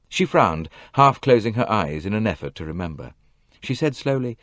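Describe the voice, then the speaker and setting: A man narrating an audiobook with an expressive reading. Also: fairly low pitch, moderate pace, dry recording. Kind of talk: scripted narration.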